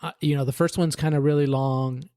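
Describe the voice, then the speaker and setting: A man's voice: on the high side, fairly even intonation, fairly quick, a little mellow, smooth, dry recording, clean studio sound. A man, a podcast guest, earnestly tells his personal faith story in conversation, often restarting sentences and adding "right?".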